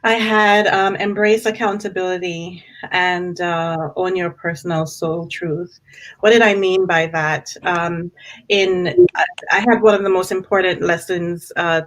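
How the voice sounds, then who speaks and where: A woman sharing a reflection on a panel, speaking slowly and deliberately. Her delivery is earnest and faith-inflected. She often restarts a phrase before pressing on. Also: lowish voice, poor audio. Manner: earnest, measured, with frequent restarts.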